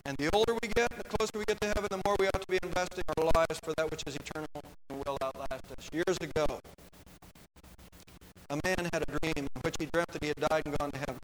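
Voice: mid-range voice, fast talker, faint music behind, low-quality recording. A pastor preaching a sermon earnestly, repeating phrases for emphasis.

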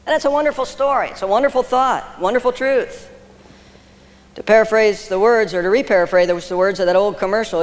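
A man preaching a sermon as pastor, emphatic, with pauses for effect. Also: high-pitched, in a large hall.

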